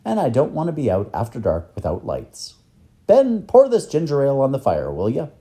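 A man's voice: mid-range voice, huge pitch swings, moderate pace, mellow, voice pushed up. A man voicing a kindly older male professor in a storybook, speaking in an encouraging, teacherly way.

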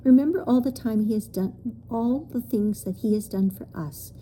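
A woman's voice: fairly high pitch, moderate pace, mellow, a little hiss or hum, natural voice, rough recording. A woman voicing an earnest, coaxing young boy in a storybook reading.

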